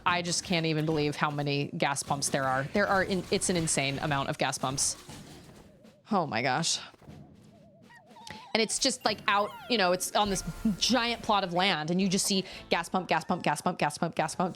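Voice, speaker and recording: A woman's voice: fairly low pitch, a bit bright, a little hiss or hum. A woman streaming a video game, chatting in a rambling, exclamatory way while she plays. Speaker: gaming streamer. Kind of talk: casual chat while playing.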